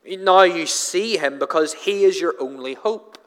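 A man's voice: a little high, unhurried, fairly bright tone, clean tone. A man preaching an expository sermon in an earnest manner, often repeating words as he drives home a point. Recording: long hall reverb.

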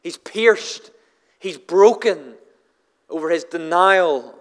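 A man preaching a sermon, stammering and repeating words as he starts sentences, with many filler "uh"s, his voice rising for emphasis and then dropping low and slow. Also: fairly bright tone, long reverb tail. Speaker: pastor.

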